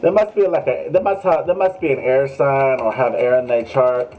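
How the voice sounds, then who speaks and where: A man's voice: medium pitch, moderate pace, darkish tone, a little hiss or hum, rough recording. A man giving a casual, joking live tarot reading, swearing freely and talking straight to his viewers. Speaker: tarot reader.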